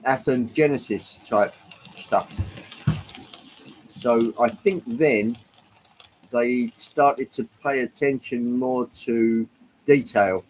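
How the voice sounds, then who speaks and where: Chatting casually with his live chat viewers, a British livestream host rambles and hesitates, saying "um" often. He has a mid-range voice, and the low-quality recording carries a little hiss or hum.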